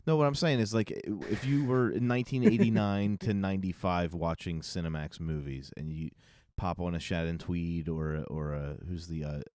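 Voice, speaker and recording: A man's voice: deep voice, fairly even intonation, normal speed, few pauses, darkish tone, no room sound. A man co-hosting a film podcast, talking in a laid-back way and often stumbling over his words. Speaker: podcast co-host. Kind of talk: casual film discussion.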